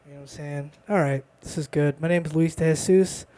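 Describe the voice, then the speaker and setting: A man of Dominican background does stand-up on a bar stage. His voice sits a touch high. He jokes about himself and keeps up loose, teasing banter with the room. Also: fairly even intonation, brisk, hardly any pauses, mellow. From Dominican family background. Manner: playful, self-deprecating banter with the crowd. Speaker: stand-up comedian. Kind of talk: stand-up comedy set. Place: bar stage at a live open mic.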